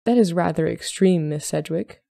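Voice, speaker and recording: A reserved young Regency gentleman, voiced by a woman reading aloud speaks in plain, polite, formal phrases. The voice is low and gravelly, warm and dark, with a dry close sound. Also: normal speed, no room sound. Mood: solemn.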